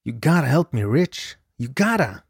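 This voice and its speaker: A man voicing a desperate male gambler in debt, pleading frantically in a raised pitch. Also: very animated, moderate pace, vocal fry, slightly rough, no room sound, clean studio sound, heavily acted.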